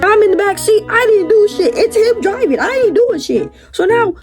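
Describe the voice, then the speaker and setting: A young adult woman telling a storytime vlog story, animated, exclaiming and swearing freely. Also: very high-pitched, normal speed. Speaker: vlogger. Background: background music.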